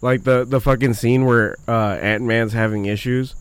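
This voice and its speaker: A man telling stories in a casual, profane chat, getting excited and swearing constantly. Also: medium pitch, moderate pace, clear, resonant tone, no echo.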